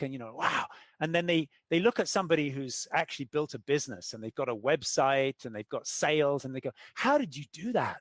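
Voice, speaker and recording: Middle-aged male guest, storytelling explainer, fairly high voice, dry close mic. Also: no room sound. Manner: animated storyteller, acts out quoted characters. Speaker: author interviewed as guest. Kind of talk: explanatory interview talk.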